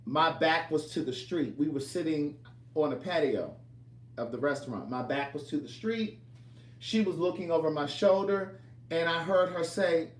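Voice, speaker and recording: A man's voice: on the high side, recorded from a distance. A man who writes books, talking casually to his viewers and telling a long story. He rambles and keeps restarting his phrases. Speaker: author and vlogger. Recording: echoey room, voice from off-mic.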